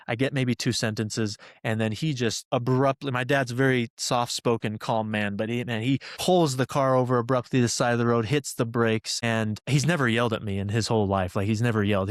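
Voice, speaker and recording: A man's voice: mid-range voice, no room sound, studio quality. A man hosting a podcast, earnestly telling a personal story in conversation, with many fillers along the way. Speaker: podcast host.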